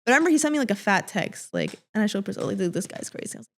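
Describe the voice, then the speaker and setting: Young woman, lots of likes and restarts, goes quiet a lot, middle pitch. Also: sing-song. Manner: halting, many fillers and restarts, often drops to a quiet voice. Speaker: guest. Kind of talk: emotional personal storytelling.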